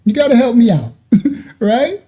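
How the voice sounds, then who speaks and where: A man's voice: extremely high pitch, very animated, normal speed, mellow. A man hosting a ministry channel, reacting to a clip and talking straight to commenters, laughing often.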